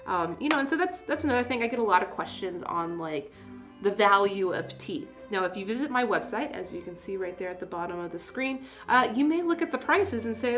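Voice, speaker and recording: A woman's voice: medium pitch, lively intonation, brisk. A woman hosting a casual tea livestream, chatty and self-deprecating, laughing at her own jokes. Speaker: tea seller hosting a live stream. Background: soft classical music.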